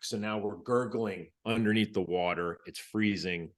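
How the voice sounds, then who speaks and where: Deep-voiced man telling a war story. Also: normal speed. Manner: vivid storyteller who acts out quotes and restarts phrases. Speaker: podcast guest, former Navy SEAL. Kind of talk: casual storytelling in an interview.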